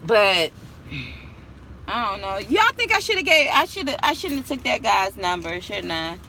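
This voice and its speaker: A woman's voice: mid-range voice, big pitch swings, normal speed, creaky, pushed and bright. Chatty woman vlogging from a parked car. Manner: chatty, storytelling, laughs often. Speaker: vlogger and property manager. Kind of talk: casual live chat to viewers. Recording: street noise from outside the car.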